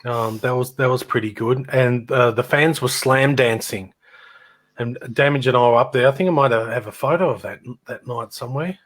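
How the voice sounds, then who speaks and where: A man's voice: medium pitch, normal speed, fairly bright tone. A middle-aged Australian man telling rambling stories about his old band in casual chat, laughing and imitating people as he goes.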